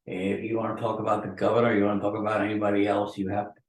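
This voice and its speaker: A man's voice: on the low side, completely flat delivery, very fast. A man hosting a podcast, rambling and ranting through a solo monologue while groggy from pain medication. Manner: ranting and grumbling. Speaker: podcast host. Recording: roomy echo from a distant mic.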